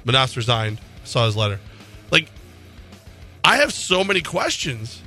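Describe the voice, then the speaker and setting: A man co-hosting a sports talk radio show, talking casually in an animated, exasperated, questioning way. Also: medium pitch, moderate pace, soft background music.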